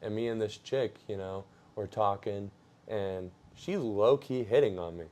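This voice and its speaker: A young man with a fairly low voice tells a story in a casual, slangy way. He drifts along with fillers and easy laughs. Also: measured pace, darkish tone. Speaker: streamer telling a story.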